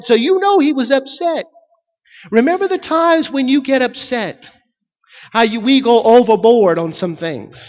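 A man preaching as a pastor, swinging between loud emphatic lines and quiet asides. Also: extremely high pitch, muffled recording. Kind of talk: sermon. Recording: long hall reverb.

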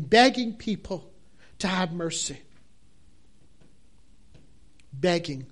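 A man preaching a sermon, fervent and drawn out, repeating his phrases for emphasis. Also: high-pitched.

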